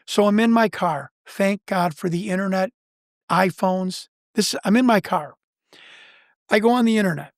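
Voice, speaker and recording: Fast-talking Chicago man telling a story. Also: high-pitched, no echo, studio quality. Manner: fast-talking, repeats words and restarts. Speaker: UFO investigator, podcast guest. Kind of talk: animated storytelling in an interview.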